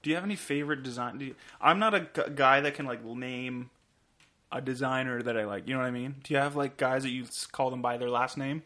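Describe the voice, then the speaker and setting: A man's voice: mid-range voice, steady tone, fast talker, pushed and bright. A man hosting a podcast in casual chat, curious and joking, asking many questions. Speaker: podcast host.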